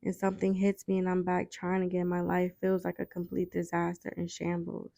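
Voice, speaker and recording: A young woman vlogger recounting a painful personal loss, halting and repeating herself with many fillers. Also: fairly low pitch, completely flat delivery, creaky, warm tone, no echo, studio quality. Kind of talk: emotional personal storytelling.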